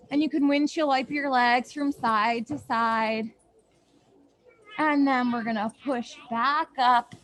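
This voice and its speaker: A young woman leading a yoga class for children outdoors in a snowy backyard, giving gentle instructions with playful asides. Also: on the high side. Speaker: yoga teacher.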